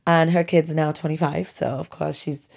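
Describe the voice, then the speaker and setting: A woman in her forties talks casually into her podcast mic from her bedroom, wry and chatty with frequent laughs. Her voice sits low and mellow with a gravelly fry at the ends of her phrases. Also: little pitch movement, moderate pace. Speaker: podcast host. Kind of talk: casual solo podcast chat. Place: bedroom at home.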